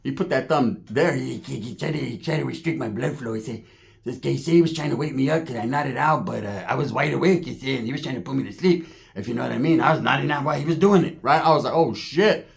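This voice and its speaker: A man's voice: mid-range voice, fast, creaky. A man with a Californian accent telling a rambling, profane street story full of slang and acted-out quotes.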